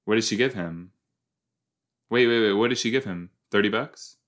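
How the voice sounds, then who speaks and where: A man's voice: on the low side, normal speed, a bit bright. A young man hosting a casual watch-along podcast, rambling and chatty with joking asides. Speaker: podcast host.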